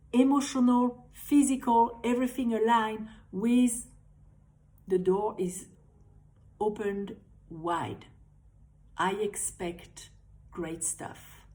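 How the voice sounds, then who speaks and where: A woman's voice: mid-range voice, a little mellow, rough recording. A middle-aged woman from France with a French accent, giving an emphatic motivational talk as a life coach and stressing her key words. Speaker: life coach and tapping practitioner.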